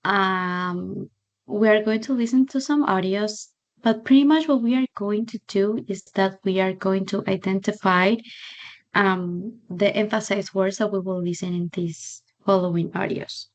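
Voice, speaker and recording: A woman's voice: mid-range voice, measured pace. Chatty young woman teaching English. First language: Spanish. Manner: chatty, laughs often, fillers like "like" and "so". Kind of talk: online tutoring lesson.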